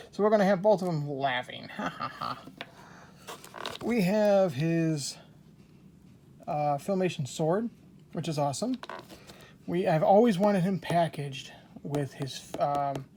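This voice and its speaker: A man hosting a casual toy unboxing video, chatty and excitable, talking to himself as he works the packages open. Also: on the high side, slight background noise. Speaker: toy collector host.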